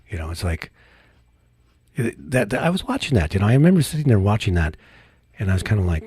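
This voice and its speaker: A husky man with a low voice co-hosts a casual political talk show, rambling conversationally. The recording is close and dry. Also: very animated, fast talker, long pauses, darkish tone, dry recording. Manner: rambling, conversational, many restarts. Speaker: co-host.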